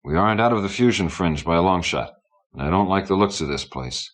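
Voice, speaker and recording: A man's voice: deep voice, animated, brisk. A man voicing a surly male chauffeur whose speech is thick and slurred with drink. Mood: uneasy.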